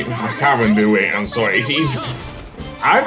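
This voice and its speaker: A man talks casually through a video game session at a middling pitch, wandering off topic and correcting himself as he goes. Soft game music plays faintly underneath his voice. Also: big pitch swings, moderate pace. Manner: rambling, many fillers and self-corrections. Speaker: let's play host. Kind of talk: casual gameplay commentary.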